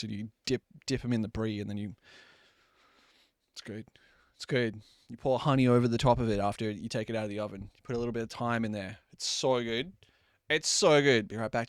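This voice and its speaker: Lively, chatty young male streamer. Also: mid-range voice, no echo, studio quality. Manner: animated, chatty, swears casually. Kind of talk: casual live-stream chat with viewers. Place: at home at his desk.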